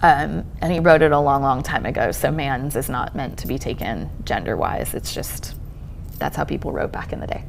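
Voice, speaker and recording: A woman's voice: very deep voice, moderate pace, gravelly, slight background noise. A woman therapist giving a conversational talk to an audience at a college event, reassuring and checking in often. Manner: conversational, reassuring, frequent "um" and "okay?" check-ins. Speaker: speaker on trauma and resilience, therapist. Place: lecture room at a college event.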